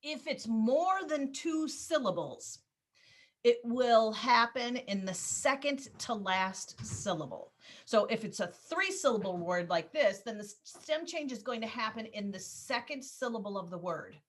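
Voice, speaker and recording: A woman teaching a Spanish class over a video call, explaining grammar rules patiently step by step and gently calling on students. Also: a little high, expressive, unhurried. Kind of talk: online class instruction.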